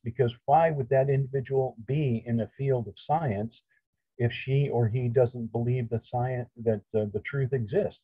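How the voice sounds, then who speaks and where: A man's voice: medium pitch, husky, no room sound. A middle-aged man lecturing a church audience, emphatic, asking questions and answering them himself. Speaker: creation science speaker. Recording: tinny phone-like audio.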